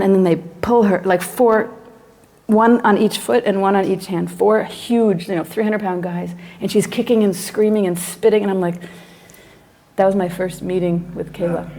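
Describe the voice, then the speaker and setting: A woman's voice: medium pitch, fairly even intonation, a little fast, darkish tone. A woman psychologist teaching a class, telling a story about a client and acting out her own reactions as she goes.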